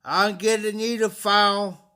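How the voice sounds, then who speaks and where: A man's voice: high-pitched, flat delivery, moderate pace, bright, forceful tone, smooth. A man hosting a casual livestream, talking anxiously to viewers, pleading for help and repeating himself. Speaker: livestream host.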